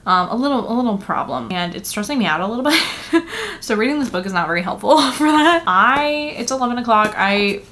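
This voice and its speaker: Young woman book vlogger, tired and chatty, lots of "like" and laughter, soft room hiss. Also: fairly high pitch, expressive, fairly quick. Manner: rambling, filler-heavy, laughs often. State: tired from little sleep. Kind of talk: casual chatty vlog. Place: apartment at home.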